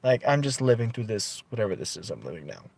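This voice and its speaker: A man vlogging a casual rant to his viewers, chatty and animated, full of "like" and swearing. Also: on the low side, fast talker, gravelly, husky, no echo.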